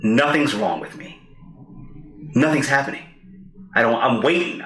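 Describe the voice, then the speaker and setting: A man's voice: mid-range voice, a little slow, pauses often. A man co-hosting a podcast, telling a personal story casually and animatedly acting out what people said. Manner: animated storyteller who acts out quoted lines. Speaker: podcast co-host. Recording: roomy echo.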